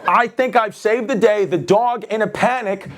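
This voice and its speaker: High-voiced man telling a stand-up story. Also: moderate pace. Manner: animated, laughing through the story, acting out other voices. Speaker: stand-up comedian.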